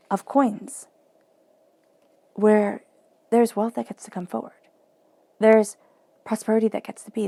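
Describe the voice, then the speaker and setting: A woman's voice: medium pitch, mellow, no room sound. A woman giving a flowing, encouraging tarot reading, often acting out quoted self-talk. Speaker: tarot reader.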